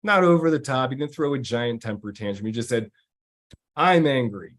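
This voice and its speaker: A man's voice: medium pitch, expressive, quick pace, fairly bright tone. An executive coach, a man, telling a story to viewers in a loose, rambling way with many fillers and restarts. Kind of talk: casual live-stream talk answering viewers.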